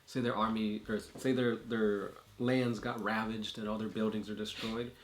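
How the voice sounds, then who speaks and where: A man's voice: lowish voice, little pitch movement, moderate pace, roomy sound. Rambling young man in casual chat. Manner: loose, rambling, lots of fillers and jokes. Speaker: co-host.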